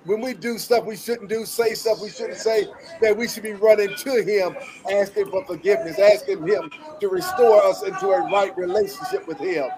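A man's voice: sits high, normal speed, crowd noise. A man, a guest pastor, preaching on a podcast in a storytelling style, building up and then dropping back down. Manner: storytelling preacher, swelling and falling intensity.

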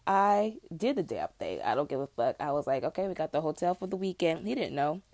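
A woman's voice: low-pitched, very animated, fairly quick, a little mellow, slight background noise. A young adult woman vlogger telling a personal story in casual, profane, rambling chat.

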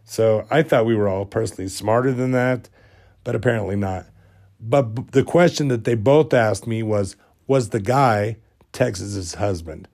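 A man with a lowish voice talks through a long, rambling story on his podcast. He sounds amused and self-deprecating, in loose, casual chat, and he is still getting over a cold. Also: moderate pace, a little mellow. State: recovering from a cold. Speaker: podcast host.

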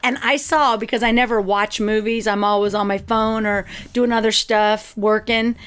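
A middle-aged woman chatting casually as a podcast co-host, telling stories in an animated way and acting out scenes. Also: medium pitch, normal speed, clear, resonant tone. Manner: animated storyteller, acts out scenes with exclamations. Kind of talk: casual chat.

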